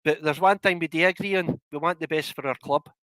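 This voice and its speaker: A man's voice: on the high side, fairly quick, a bit bright, no echo, poor audio. A man with a Scottish accent chatting as a podcast guest, laughing often and breaking into rants. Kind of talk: casual podcast chat.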